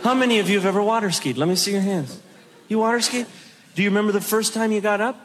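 A man doing a stand-up comedy routine on stage, telling animated stories to the audience and asking them questions. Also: quick pace, a faint crowd. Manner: animated storytelling, mimics others with shouted high voices. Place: stage before a live audience.

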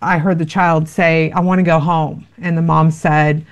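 A woman's voice: low-pitched, flat delivery, moderate pace, few pauses. A woman giving parenting advice in an interview, earnest and explanatory, with many fillers. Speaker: parenting expert guest.

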